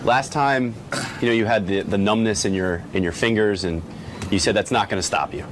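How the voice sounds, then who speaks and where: A man's voice: on the low side, brisk, noisy background. A man questioning a guest on a radio talk show with probing follow-ups. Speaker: interviewer. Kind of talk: casual chat.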